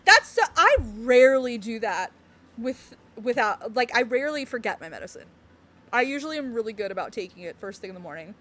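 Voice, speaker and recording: A woman's voice: on the high side, sing-song, brisk, fairly bright tone. Bubbly giggly woman streaming. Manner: bubbly, giggly, rambling with fillers. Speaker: game streamer. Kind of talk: casual live-stream chat.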